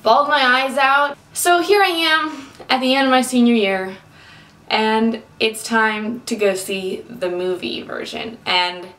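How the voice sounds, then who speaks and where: Excitable young woman vlogging in an echoey room. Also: on the high side, measured pace. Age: 20s. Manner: excitable and animated, acting out her own reactions. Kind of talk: casual storytelling vlog.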